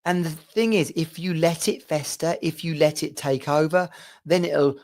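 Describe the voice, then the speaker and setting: A man's voice: on the high side, steady tone, normal speed, a little mellow. A middle-aged man from England, talking casually and ramblingly to camera with lots of asides. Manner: chatty and rambling, with frequent asides and restarts. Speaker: vlogger. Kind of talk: casual personal monologue to camera.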